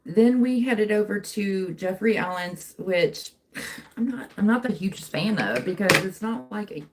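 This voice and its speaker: A woman's voice: medium pitch, expressive, unhurried. A young woman hosting a casual livestream, chatting in a rambling, self-interrupting way while she crafts at home. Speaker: livestream host. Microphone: phone mic.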